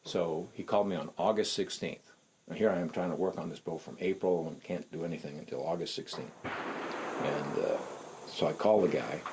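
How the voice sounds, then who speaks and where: Very low-voiced older man telling stories. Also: moderate pace, background noise. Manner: rambling, folksy, repeats words. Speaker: interviewee, archer. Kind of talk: casual storytelling. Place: barn.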